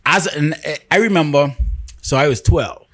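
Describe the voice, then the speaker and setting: A man hosting a casual podcast, talking with animated, emphatic storytelling and frequent restarts. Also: fairly high pitch, moderate pace, no room sound. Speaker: podcast host.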